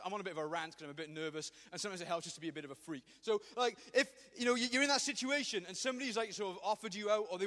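A man's voice: sits high, fairly bright tone, long reverb tail. A man preaching a joking, rambling youth sermon in a church. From Wales. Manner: joking, rambling, self-deprecating. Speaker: pastor. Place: church hall.

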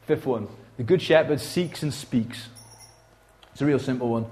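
A man preaching a sermon in a church, conversational and animated, swinging from loud to hushed. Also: mid-range voice, moderate pace. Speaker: pastor.

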